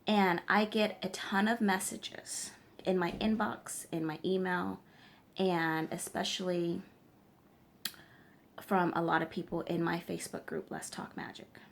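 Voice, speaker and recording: Gravelly low-voiced woman lecturing viewers. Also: fairly even intonation, unhurried. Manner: emphatic, lecturing, keeps checking in with viewers. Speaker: tarot reader and spiritual practitioner. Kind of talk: direct-to-camera advice vlog.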